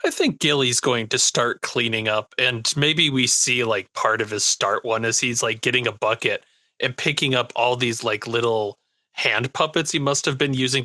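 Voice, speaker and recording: A man describing his character's actions in a tabletop game, loose and relaxed. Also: mid-range voice, dry recording. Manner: relaxed, loosely narrating with fillers. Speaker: player.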